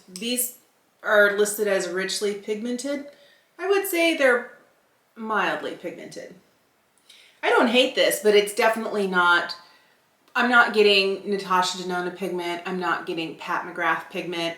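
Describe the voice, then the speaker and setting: A woman's voice: lowish voice, fairly bright tone. Chatty woman in her fifties, roomy sound. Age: 50s. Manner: candid, thinking aloud, chatty. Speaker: beauty vlogger. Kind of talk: casual product review while applying makeup. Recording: roomy echo.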